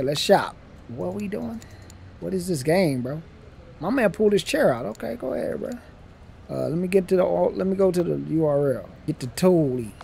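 A man's voice: on the high side, creaky, mellow, a little hiss or hum. A man hosting a let's-play video, joking in slangy casual talk to his viewers and reading the game's text aloud as he plays. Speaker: gaming channel host.

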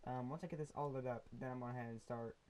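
A man's voice: mid-range voice, steady tone, fast, darkish tone, low-quality recording. A young man casually narrating a Minecraft session, rambling to the viewers and to the mobs with lots of ums. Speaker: gaming YouTuber. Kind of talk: casual Minecraft let's play commentary.

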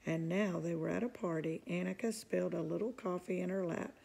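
Gravelly, husky woman reading a storybook. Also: on the low side, fairly even intonation, a little fast, a little mellow. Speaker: storybook reader. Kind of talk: reading a children's book aloud.

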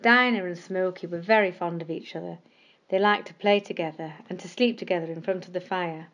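A woman storyteller reading children's bedtime stories aloud in a gentle, expressive way, slowing down on key words. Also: fairly low pitch, muffled recording. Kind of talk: scripted bedtime story narration.

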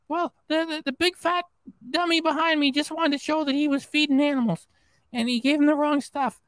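Man doing a squeaky cartoon cat. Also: fairly bright tone, no echo, rough recording. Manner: squeaky, exclaiming, meowing. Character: cheerful male cartoon cat mascot thanking donors.

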